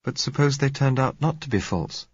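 A man reading the part of a quiet young woman under twenty, speaking a little unsteadily. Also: medium pitch, animated, normal speed, husky, no echo, pitched above the performer's own voice. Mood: urgent pleading. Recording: dull lo-fi recording.

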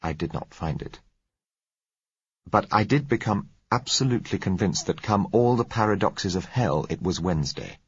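A man narrating a story in the first person, measured and dramatic in delivery. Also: on the low side, lively intonation, husky, no echo. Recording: dry, slightly dull recording.

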